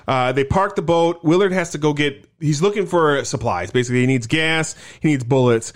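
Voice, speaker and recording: Man, slightly high voice, loose profane film recap. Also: brisk. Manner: loose, profane, rambling storytelling. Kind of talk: casual movie recap.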